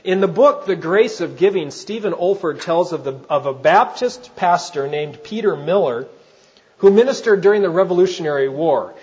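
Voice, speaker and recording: Pastor guy preaching, kinda high voice, chatty, asks the crowd stuff, muffled lo-fi audio. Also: lively intonation, normal speed, darkish tone. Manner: conversational preaching with questions to the congregation. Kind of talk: sermon.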